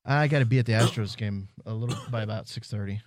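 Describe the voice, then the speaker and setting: A man's voice: fairly low pitch, quick pace, no room sound. A man co-hosting a podcast, blunt and contrarian in casual banter. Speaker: podcast co-host.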